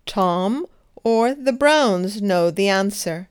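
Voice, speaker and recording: A woman leading a scripted English grammar drill, enunciating each sentence carefully and pausing for the listener to repeat. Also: medium pitch, animated, a little mellow, clean tone. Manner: careful, deliberate enunciation with pauses for repetition. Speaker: English teacher.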